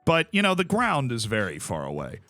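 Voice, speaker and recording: A man chatting on a game stream, telling stories with a lively, swooping delivery and laughing often. His voice is bright and forward, and faint music plays behind him. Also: mid-range voice, fairly quick. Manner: animated storytelling, laughs often. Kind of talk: casual chat while playing a game.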